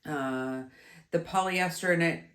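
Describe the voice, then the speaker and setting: A woman in her thirties reviews yarn in a slow, unhurried ramble, full of ums and restarts. Her voice sits low and sounds a little stuffy. The recording carries a roomy echo. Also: fairly bright tone. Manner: chatty, meandering, with many fillers and restarts. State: stuffy, congested. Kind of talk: casual video review.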